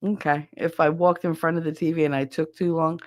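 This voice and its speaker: A woman's voice: low-pitched, level tone, fairly quick, dry recording, clean studio sound. A woman hosting a casual chat show, venting bluntly with lots of swearing and laughter. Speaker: podcast host. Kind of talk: casual chat with chat shout-outs.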